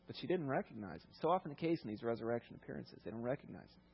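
A man's voice: mid-range voice, sing-song, very fast, vocal fry, breathy edge, muffled recording. A man preacher giving a sermon, retelling a Bible story in a conversational way with lots of asides.

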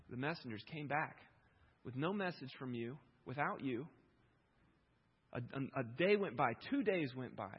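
A man preaching a sermon, moving between loud pleading questions and quiet reflective reading, with a husky voice. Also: on the high side, expressive, normal speed, dull audio. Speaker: pastor.

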